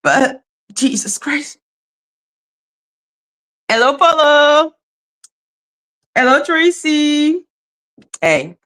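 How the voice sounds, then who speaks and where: A woman's voice: high voice, sing-song, drawn-out words, long pauses, fairly bright tone. A woman hosting a casual livestream, chatting loosely, exclaiming and greeting viewers by name. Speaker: livestream commentary host.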